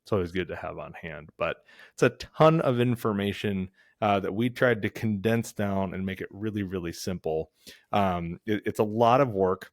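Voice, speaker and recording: A man's voice: deep voice, normal speed, dry recording, clean studio sound. A man hosting a lawn care show, explaining the steps casually, one by one, with frequent filler words. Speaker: lawn care podcast host. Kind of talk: casual instructional talk.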